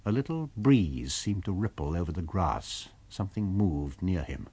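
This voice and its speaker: A man narrating a novel in a measured storytelling manner. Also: deep voice, big pitch swings, mellow, breathy edge, no echo. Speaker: audiobook narrator. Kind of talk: scripted narration.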